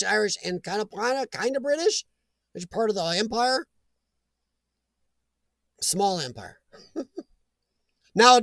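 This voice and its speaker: A man's voice: high voice, fairly bright tone, dry recording, clean studio sound. An American man hosting a casual live stream chat, rambling and reading viewer comments aloud.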